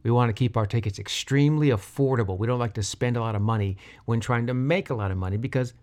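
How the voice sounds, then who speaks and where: A man hosting a casual horse racing podcast, relaxed and appreciative, laughing easily. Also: mid-range voice, quick pace. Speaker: podcast host.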